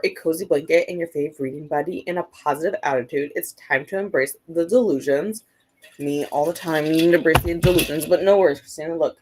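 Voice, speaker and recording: A woman hosting a relaxed livestream from home, chatting loosely and reading out viewer comments as they come in. Her voice sits a little low for a woman, and her talk is full of "like" and "um.". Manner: chatty, reads viewer comments aloud, frequent "like" and "um" fillers. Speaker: livestream host. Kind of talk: casual livestream chat.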